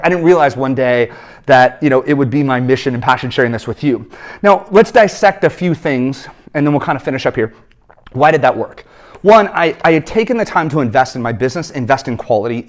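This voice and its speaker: A man in his thirties gives an energetic coaching talk about sales. His voice sits a little high for a man. He tells the story with lively swings in pitch and puts on quick voices for the people in it. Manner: animated storytelling, acts out quoted voices. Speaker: business coach.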